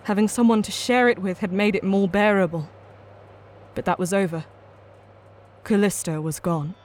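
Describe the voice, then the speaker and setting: A woman reading a dark science-fiction short story as scripted narration, measured and somber. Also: medium pitch, fairly even intonation, a little hiss or hum.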